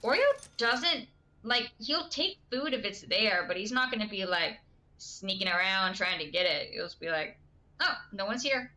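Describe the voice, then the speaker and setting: A woman's voice: medium pitch, lively intonation, normal speed, bright, forceful tone. A woman streaming a game live, chatting casually with her viewers and giggling often. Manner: chatty, giggly, answers chat.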